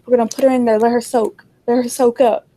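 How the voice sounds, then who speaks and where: A young woman spins a chaotic story to her friend in casual conversation, her higher voice leaping up when she acts out what people said. Her delivery is loose and full of energy. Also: quick pace. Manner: animated, acts out quotes in a raised voice. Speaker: podcast co-host.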